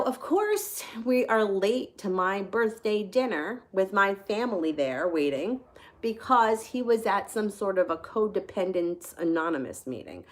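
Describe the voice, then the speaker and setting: A woman hosting a tarot channel, telling a personal story casually and candidly, laughing often and swearing freely. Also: medium pitch. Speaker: tarot reader and channel host.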